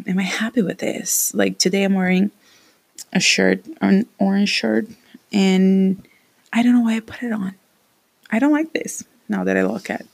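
Brazilian woman chatting, gravelly and husky. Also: medium pitch, a little mellow, no echo. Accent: Brazilian Portuguese. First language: Portuguese. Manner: chatty, rambling, encouraging. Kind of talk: casual personal vlog.

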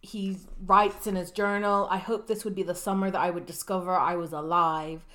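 A woman's voice: lowish voice, steady tone, normal speed, sharp tone. Chatty woman retelling a story. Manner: chatty retelling with quoted character lines and frequent "like". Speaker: podcast co-host summarizing a book. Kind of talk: casual book discussion.

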